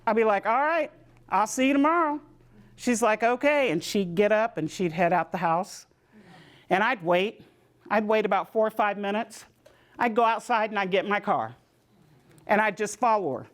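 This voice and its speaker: A woman, giving a community health talk and telling lively personal stories, acting out the voices of the people in them. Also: mid-range voice, normal speed. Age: 60s. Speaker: presenter.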